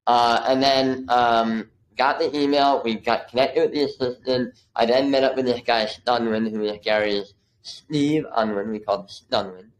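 A man's voice: medium pitch, fairly even intonation, moderate pace, rough recording. A man in his thirties, a podcast guest and videographer, telling a story casually and acting out the quotes, with many "like" fillers.

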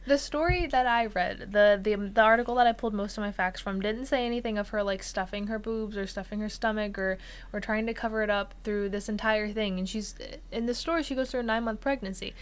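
A young woman walks through a crime story in a relaxed, chatty way, full of "like" and "uh" as she pieces the facts together. Her voice sits at an ordinary middle pitch. She sounds like a podcast co-host talking with a friend. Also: brisk, clear, resonant tone. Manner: relaxed, filler-heavy telling with frequent "like" and "uh". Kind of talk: casual true crime storytelling.

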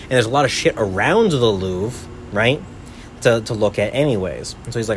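A man's voice: fairly low pitch, lively intonation, normal speed, a little hiss or hum. A young man and podcast host telling a travel story in a rambling casual way, full of "like" and "right?".

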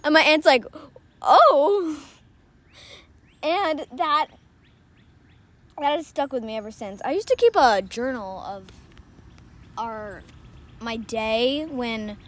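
Giggly high-voiced teen girl. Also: lively intonation, takes it slowly, pauses often. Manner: giggly, rambling storyteller. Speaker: podcast co-host. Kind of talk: casual chat.

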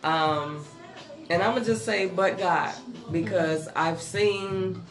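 A woman's voice: lowish voice, takes it slowly. A woman co-hosting a casual faith podcast, talking earnestly and repeating phrases for emphasis. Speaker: podcast co-host. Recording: echoey room, music underneath. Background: music.

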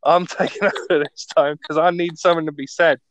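A man's voice: a little high, fairly even intonation, a little fast, dry recording. A British man co-hosting a casual podcast chat, ranting sarcastically and peppering his talk with "mate" and "right?". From Britain. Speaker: podcast co-host. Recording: slightly dull lo-fi audio.

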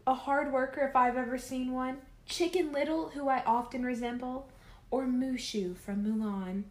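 A young woman chats with a co-host in a playful, joking way. Her voice sits a little high, and the recording carries a roomy echo. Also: moderate pace, darkish tone. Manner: playful, jokey. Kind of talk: casual chat.

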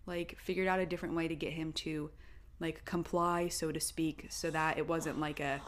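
A young adult woman co-hosting a casual parenting chat, talking in a chatty way and acting out quotes with lively bursts. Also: sits low, normal speed. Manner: chatty, quotes herself and her toddler in animated bursts. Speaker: podcast co-host.

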